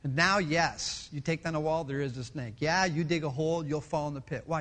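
A middle-aged male pastor preaching a sermon with passion, swinging from loud to hushed. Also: on the high side, brisk.

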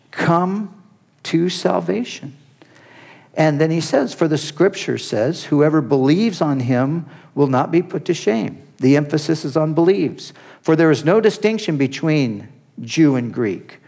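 A man's voice: medium pitch, a little mellow. A man preaching an expository sermon, earnest and emphatic, rising sharply on key points.

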